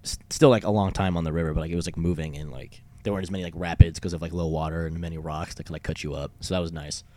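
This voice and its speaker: A man's voice: low voice, steady tone, rapid-fire, hardly any pauses, a little mellow. A young man casually telling a story, rambling with lots of fillers and swearing. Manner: rambling, many fillers and profanity. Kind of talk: casual chat.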